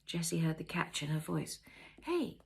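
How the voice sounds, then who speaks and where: An older woman reads her novel aloud in a calm, even storyteller's voice. Her tone sits low, with a gravelly fry and a husky, slightly raspy edge. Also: moderate pace. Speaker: author reading her novel. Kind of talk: audiobook narration.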